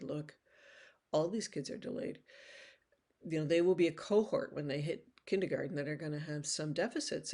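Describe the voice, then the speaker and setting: A woman's voice: low-pitched, darkish tone. Older woman lecturing conversationally. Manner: conversational, with frequent restarts and "you know"; acts out toddlers' voices when quoting them. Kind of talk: recorded university lecture.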